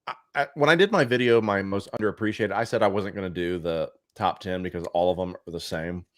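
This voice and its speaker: A man's voice: low voice, quick pace, no echo, studio quality. A man from Cincinnati, co-hosting a casual podcast chat, blunt and opinionated, swearing freely. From Cincinnati, USA. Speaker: co-host.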